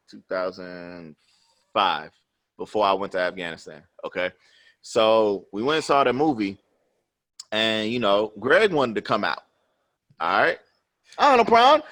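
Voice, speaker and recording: A man's voice: fairly low pitch, a bit bright. A man in his thirties, a podcast host, telling a personal story in loose, profane chat and tagging his lines with "you know what I'm saying".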